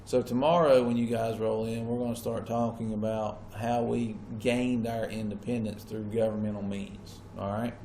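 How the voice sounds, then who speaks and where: A man's voice: fairly low pitch, flat delivery, moderate pace, few pauses, mellow, a little hiss or hum. A male teacher lecturing a classroom in a casual way and often checking that the students are following.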